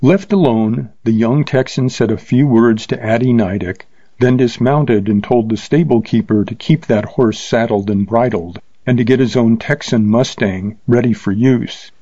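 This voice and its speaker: A man reads an old Western adventure aloud at a steady, measured pace. His tone is mellow and warm, the recording is dry with no room echo, and the sound is a little dull. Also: mid-range voice. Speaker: narrator. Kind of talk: audiobook narration.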